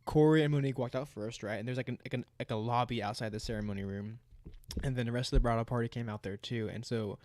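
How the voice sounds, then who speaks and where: A man's voice: mid-range voice, fairly even intonation, fast, a little mellow, a little hiss or hum. A young man in a casual podcast chat, telling stories with a teasing, laughing manner.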